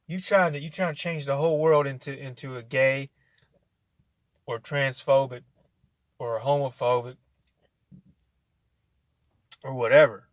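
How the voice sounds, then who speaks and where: A man's voice: medium pitch, steady tone, a little slow, long pauses, dry recording. A man ranting casually to camera, blunt and profane, rambling with many restarts and talking straight at the listener. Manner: argumentative, addresses listener directly. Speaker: vlogger.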